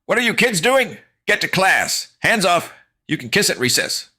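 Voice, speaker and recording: A man's voice: high voice, very animated, moderate pace, sharp tone, breathy edge, pitched above the performer's own voice, full character voice. A man doing a big barking gym teacher. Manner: barking orders. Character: big muscular gruff male gym teacher.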